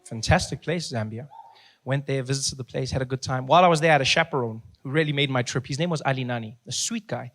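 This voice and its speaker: A man's voice: mid-range voice, fast, fairly bright tone. A South African man performing stand-up comedy, telling playful stories and often laughing mid-line.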